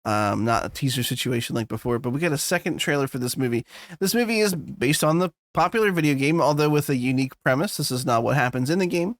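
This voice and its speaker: A man's voice: mid-range voice, expressive, fast talker, no echo, studio quality. A man co-hosting a podcast in a loose, laughing, casual chat, swearing freely. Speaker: podcast co-host.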